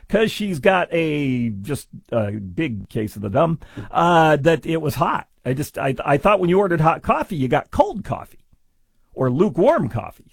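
A man giving sarcastic commentary on a news story, mocking and full of deadpan asides. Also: on the high side, creaky, husky, no echo, studio quality.

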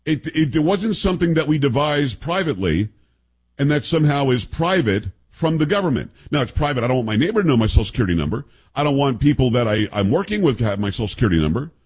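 Man, talk radio host, husky voice, emphatic and scornful delivery. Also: medium pitch, sing-song, fast, darkish tone. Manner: combative, mocking, emphatic.

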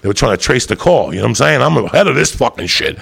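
A man's voice: mid-range voice, very animated, fast talker, a bit bright. A man telling a rambling, profane comic story, often laughing as he goes. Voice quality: gravelly.

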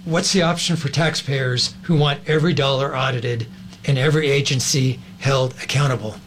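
A man's voice: medium pitch, steady tone, normal speed, a bit bright. Insistent male guest over faint noise. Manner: urgent, insistent, rhetorical questions. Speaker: guest, advocacy group organizer. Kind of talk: interview talk.

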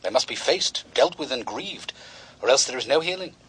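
An actor playing a male psychologist on a radio broadcast, speaking in a measured, instructive way. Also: medium pitch, animated, a bit bright, rough recording.

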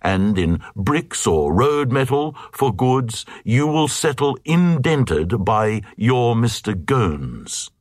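A man voicing a band of crafty traders making a smooth, seductive sales pitch. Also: sing-song, takes it slowly, hardly any pauses, no echo, studio quality. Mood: wheedling. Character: crafty foreign traders, the Oggs, wheedling sellers.

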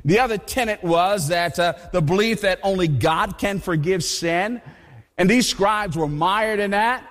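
A male pastor preaching a sermon in an animated, conversational way, often repeating his words. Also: high-pitched, unhurried. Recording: long hall reverb.

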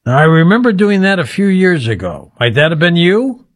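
Lively-voiced male radio host. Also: high-pitched, moderate pace, no echo, clean studio sound. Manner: teasing, quizzing the guest. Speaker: radio talk show host. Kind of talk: playful radio interview.

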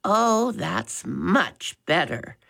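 A woman voicing an elderly, hard-of-hearing lady who talks slowly and dotes on her little dog. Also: on the low side, very animated, creaky, breathy edge, pitched above the performer's own voice, full character voice. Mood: doting. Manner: slow, loud, doting.

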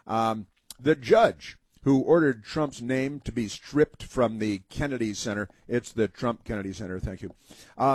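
A man hosting a talk radio show, giving sarcastic, halting opinion commentary with frequent restarts. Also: medium pitch, sing-song, slightly rough, no echo.

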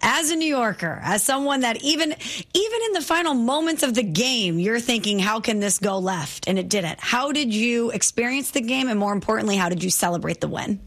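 A woman's voice: on the high side, expressive, a little fast, a bit bright. A woman co-hosting a casual conversation. She speaks with enthusiasm, sets up questions for her co-hosts, and keeps the talk moving in a friendly way. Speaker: co-host. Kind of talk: casual chat.

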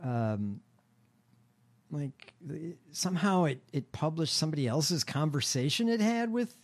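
A man co-hosting a podcast, reading out news stories in a slow, halting way with fillers. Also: fairly high pitch, expressive. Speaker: podcast co-host. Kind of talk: casual chat.

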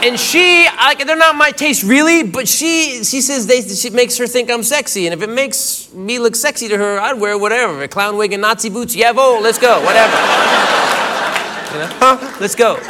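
A man's voice: very high voice, normal speed. A man doing stand-up, telling a rambling story and often breaking into giggles on a comedy club stage. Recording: live club recording with audience noise.

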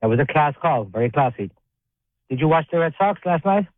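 A man's voice: on the high side, expressive, fairly quick, no room sound. A man calling a radio show for casual sports chat, firing off questions. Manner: chatty, fires off questions. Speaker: caller. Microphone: telephone. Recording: phone line, dry.

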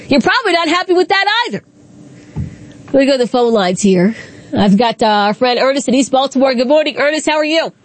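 A woman's voice: high voice, no room sound. A woman hosting a radio talk show, taking calls and giving her opinions in a conversational way. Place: radio studio.

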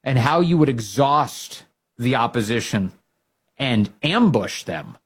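A man hosting a political talk show, giving emphatic, opinionated commentary that grows excited when he rallies listeners. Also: mid-range voice, slow pace, husky.

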